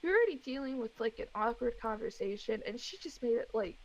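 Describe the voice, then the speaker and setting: A young woman co-hosting a podcast, telling animated stories and laughing often. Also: fairly high pitch, a little fast, muffled recording. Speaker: podcast co-host. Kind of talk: casual storytelling chat.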